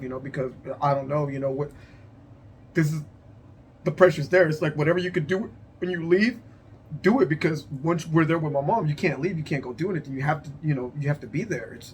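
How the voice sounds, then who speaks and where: A man telling a personal story as unscripted testimony, emotional and halting, repeating his phrases and sighing. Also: a little high, a little hiss or hum. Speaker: vlogger sharing a personal story.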